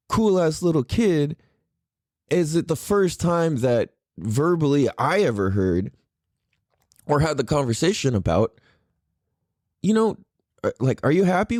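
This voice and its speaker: Animated, rambling podcast host man. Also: a little high, no echo, clean studio sound. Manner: excitable, rambling, swears freely. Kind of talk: casual solo podcast talk.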